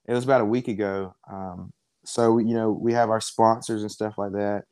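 A young man from South Georgia, a wrestling coach telling stories in a relaxed way, full of ums. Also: fairly low pitch, moderate pace, clear, resonant tone, dry recording, studio quality. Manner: relaxed storyteller, many fillers. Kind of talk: casual interview chat.

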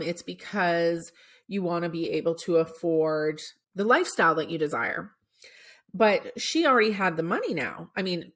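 With a lowish, slightly bright voice, a woman hosting a podcast rambles through a story casually, using plenty of filler words. Now and then she becomes choked up.

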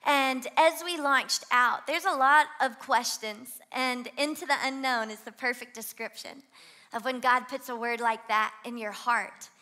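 Bright-voiced woman preacher with a Louisiana twang. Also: a little high, a little slow. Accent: Southern US, Louisiana. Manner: energetic, exhorts the crowd to shout along. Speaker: guest pastor. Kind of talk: sermon. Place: church auditorium.

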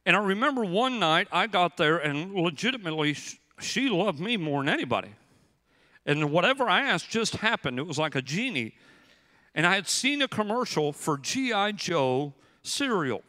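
A man's voice: on the high side, long reverb tail. A man in his thirties preaching a sermon, telling personal stories and acting out the quoted lines. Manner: animated storyteller, acts out quoted lines. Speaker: pastor. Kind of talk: storytelling sermon.

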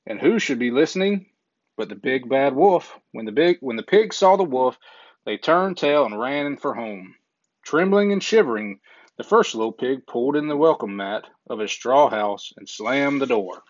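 A man reading a children's story aloud in a gentle, measured way, with small slips now and then. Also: medium pitch, animated, dry recording. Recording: dull lo-fi recording.

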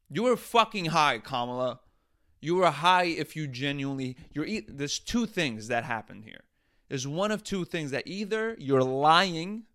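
A man's voice: mid-range voice, a bit bright, no room sound, clean studio sound. A man hosting a podcast, delivering comedic commentary in an exasperated, profane rant. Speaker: podcast host.

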